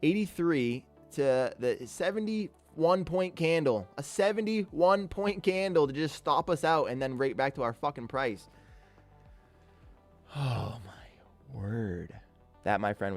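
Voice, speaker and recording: A man's voice: medium pitch, expressive, unhurried, soft background music. Exasperated, swearing man trading live. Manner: exasperated, swears often, talks to himself about trades. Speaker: day trader streaming live. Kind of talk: live trading commentary, reading chat.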